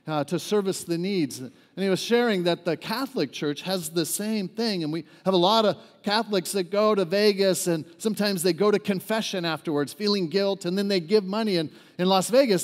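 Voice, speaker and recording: A man preaching a sermon to a church congregation, joking with the crowd and asking them to respond. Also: sits high. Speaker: guest preacher. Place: church sanctuary. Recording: echoey church hall reverb.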